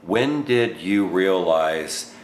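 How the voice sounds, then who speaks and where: A man hosting an interview, asking measured, personal questions. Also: low voice, expressive, echoey room, a little hiss or hum. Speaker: interviewer, show host.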